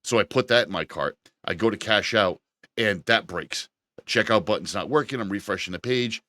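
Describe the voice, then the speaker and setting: A man co-hosting a casual podcast, telling an animated, exasperated story with frequent profanity. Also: on the low side, moderate pace, no room sound. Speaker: podcast co-host. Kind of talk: casual chat.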